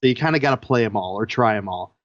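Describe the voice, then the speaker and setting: A man's voice: fairly low pitch, expressive, fast talker, no echo. A man guesting on a gaming podcast, easygoing and hesitant, laughing often. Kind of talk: casual gaming chat. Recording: dull lo-fi mic.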